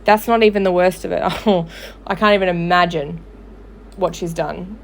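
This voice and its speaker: A woman's voice: fairly low pitch, fairly even intonation, normal speed, creaky, slight background noise. A woman who hosts a gossip page, ranting angrily and swearing on a livestream. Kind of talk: livestream commentary.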